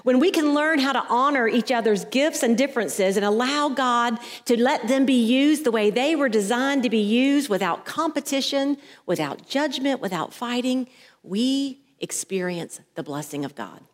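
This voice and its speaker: A woman's voice: fairly high pitch, expressive, moderate pace. Woman preaching in a reverberant hall. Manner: storytelling, acts out voices in anecdotes. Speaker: pastor. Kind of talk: sermon. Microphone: headset mic at the ear.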